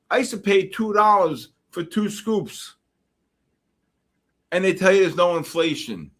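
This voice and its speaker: A man's voice: high voice, lively intonation, measured pace, long pauses, fairly bright tone. A middle-aged man hosting a livestream, chatting casually and reacting to comments with joking exasperation. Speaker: livestream host. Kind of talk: casual chat reading live comments.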